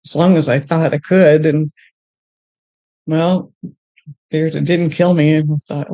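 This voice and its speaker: Middle-aged woman, lowish voice, halting testimony with restarts, rising high and excited at the joyful parts. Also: dry recording, dull audio. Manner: halting, with many restarts and fillers; grows high and excited when telling of joy. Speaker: guest sharing her testimony. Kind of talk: personal testimony in conversation.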